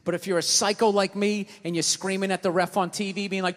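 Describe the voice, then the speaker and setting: A man doing a stand-up comedy routine on a theater stage, ranting and swearing, swinging from mutters to shouts. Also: high-pitched, flat delivery, fast. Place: large theater stage with live audience. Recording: live hall with audience.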